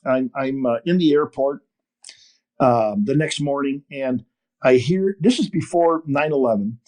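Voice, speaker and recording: An older man from northern Wisconsin telling a long story in an interview, animated and full of restarts. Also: medium pitch, a little slow. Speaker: podcast guest, fishing TV host. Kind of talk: storytelling interview over a call.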